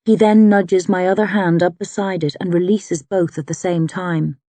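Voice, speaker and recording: Low-voiced woman reading an audiobook. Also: fairly even intonation, moderate pace, mellow, no echo. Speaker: audiobook narrator. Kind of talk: first-person audiobook narration.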